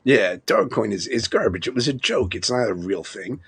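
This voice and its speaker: Brief: man, 50s, New York accent, husky, rambling, chatty livestream host. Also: on the low side, very animated, moderate pace. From Long Island, New York. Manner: rambling and chatty, laughs often. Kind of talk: casual live-stream chat. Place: upstairs room with covered window.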